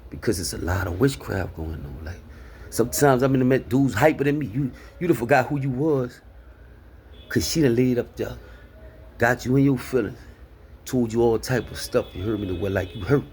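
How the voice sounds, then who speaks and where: A man's voice: mid-range voice, normal speed, a little mellow, a little hiss or hum. A man giving a casual spoken sermon of life advice, earnest and full of street slang, constantly asking "you hear me?".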